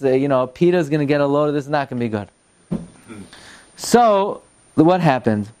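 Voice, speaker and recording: A man telling a Torah story in a lesson. He reads lines of Hebrew text, translates them into English and sprinkles Yiddish words into his retelling. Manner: animated, climbs in pitch and volume as the story builds. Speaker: Torah teacher.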